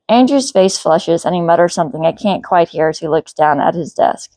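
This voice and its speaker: A woman, the author, reading her novel aloud as first-person narration in a steady, even way. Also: fairly low pitch, brisk, few pauses, no room sound.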